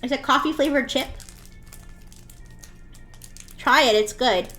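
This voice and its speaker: A giggly woman streamer with a high, light voice talks casually with her live chat as she draws. She keeps a playful, joking tone and slips into a bratty daughter act for a laugh. Soft music plays faintly underneath. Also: brisk. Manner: acts out a bratty daughter in jest.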